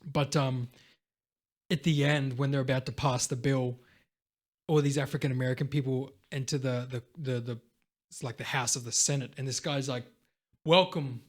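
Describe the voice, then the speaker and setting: A young man co-hosting a casual podcast, retelling film scenes with lots of fillers and bursts of excitement. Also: medium pitch, normal speed. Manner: animated storyteller, acts out film scenes, lots of "like" and "dude". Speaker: podcast co-host. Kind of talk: casual chat.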